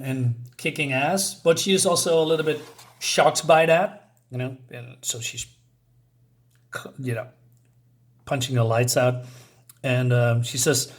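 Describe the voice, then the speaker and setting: A man talks through a comic book review, rambling loosely with plenty of fillers and restarts. His voice sits somewhat high for a man.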